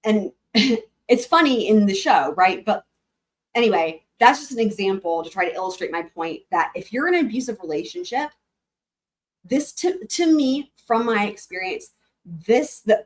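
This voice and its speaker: A woman's voice: mid-range voice, animated, moderate pace. A woman hosting a casual live stream, talking to her chat in a rambling way with many fillers. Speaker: livestream host.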